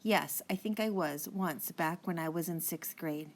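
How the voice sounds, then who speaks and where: A woman reading the part of a calm father gently reassuring his son at night. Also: fairly low pitch, a little slow, close to an everyday voice. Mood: thoughtful. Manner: gentle, soothing, thoughtful.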